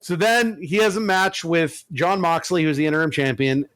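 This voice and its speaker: A man's voice: on the high side, normal speed, no echo, low-quality recording. A man co-hosting a podcast, telling a long story in casual chat with lots of swearing. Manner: profane, animated storytelling. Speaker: podcast co-host.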